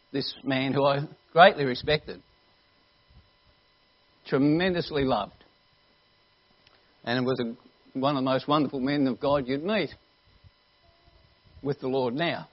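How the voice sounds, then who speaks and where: Male evangelist, high-pitched, animated and playful, dull live church recording. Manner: animated, joking, teasing the audience. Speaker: evangelist preacher. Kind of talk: lively storytelling sermon. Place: church hall before a congregation.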